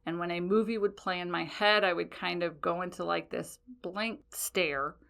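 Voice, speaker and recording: A woman in her forties tells her own story on her podcast, plain-spoken and full of swearing. Her voice sits a little low and has a gravelly fry running through it. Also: steady tone, normal speed, a bit bright. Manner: blunt, profane, confessional. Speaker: podcast host. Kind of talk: candid personal storytelling.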